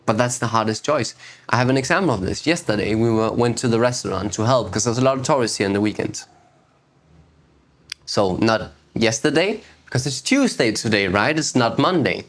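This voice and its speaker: A man hosting a spiritual video series, giving an unhurried reflective talk that repeats phrases and asks rhetorical questions. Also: mid-range voice, expressive, a bit bright.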